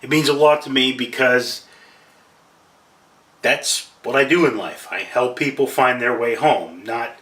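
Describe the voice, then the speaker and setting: A man talks straight to his camera in a rambling, self-deprecating monologue. His voice is bright and forward. He sits back from the mic in a roomy, echoing space. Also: mid-range voice, a little slow, distant mic. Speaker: vlogger.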